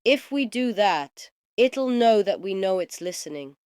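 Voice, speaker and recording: A composed, clever Time Lady speaks in a cool, precise way, as a male narrator puts her on. The voice is lifted well above his own and sounds smooth and clear. The recording is dry and close. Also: high-pitched, lively intonation, a little slow, a little mellow, dry recording, pitched above the performer's own voice.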